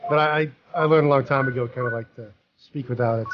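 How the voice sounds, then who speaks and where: A man's voice: medium pitch, steady tone, fairly quick, lo-fi sound. Boston man, jokey guest dev, rambly casual chat, faint hiss behind. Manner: joking, rambling with restarts. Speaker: guest game developer. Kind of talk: casual let's play chat.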